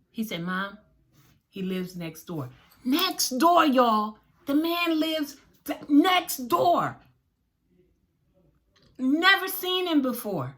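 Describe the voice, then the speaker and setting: A woman vlogger telling a story to her viewers in a dramatic, animated way, acting out the dialogue, with features. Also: high voice, extremely slow, pauses often.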